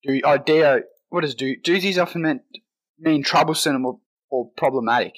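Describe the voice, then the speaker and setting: A man's voice: a little high, normal speed. A young Australian man co-hosting a podcast, chatting casually with plenty of swearing and laughter. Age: young adult. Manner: crude, laughing, swears a lot. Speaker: podcast co-host. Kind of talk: casual banter.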